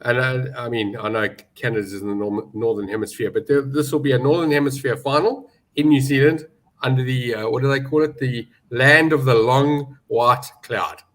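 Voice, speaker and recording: A man's voice: medium pitch, steady tone, moderate pace, fairly bright tone. A man giving betting opinions as a pundit, confident and emphatic, with some joking. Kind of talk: casual sports betting chat.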